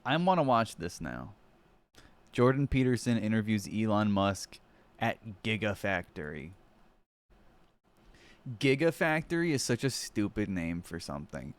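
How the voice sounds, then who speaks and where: A man's voice: fairly low pitch, sing-song, measured pace, pauses often, no echo. A young man streaming and reacting to videos, talking to his chat in a profane, sarcastic way. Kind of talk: casual live-stream commentary.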